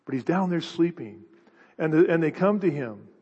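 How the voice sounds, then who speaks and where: Man preaching with lively restarts. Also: fairly high pitch, normal speed, breathy edge. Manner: animated, conversational preaching with many restarts. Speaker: pastor. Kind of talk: expository sermon. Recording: dull hall reverb.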